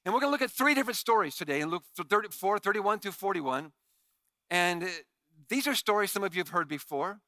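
A man preaching a sermon as pastor, reading scripture in an animated, emphatic way. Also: high voice, fast talker, dry recording.

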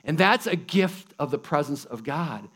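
High-voiced, enthusiastic man preaching. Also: expressive, moderate pace, a bit bright. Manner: casual, enthusiastic preaching, addresses listeners as guys and folks. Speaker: pastor. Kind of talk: sermon.

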